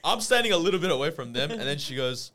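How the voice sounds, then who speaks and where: A man's voice: on the high side, very animated, fast, very noisy. A young man, a podcast co-host telling a story through laughter. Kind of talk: casual storytelling chat.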